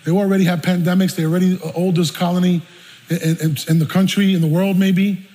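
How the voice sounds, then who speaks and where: A man, a pastor preaching a personal story in an animated, emotional way. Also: high-pitched, brisk. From South Bronx, New York. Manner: animated, emotional storytelling with bursts of laughter and shouting. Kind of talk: storytelling sermon. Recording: long reverb with faint room noise.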